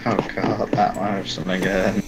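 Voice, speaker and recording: A man playing a tabletop game with friends, thinking aloud slowly as he plans his character's moves. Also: low voice, little pitch movement, a little hiss or hum, rough recording. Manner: slow, thinking aloud while planning moves. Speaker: player. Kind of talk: casual tabletop game chat.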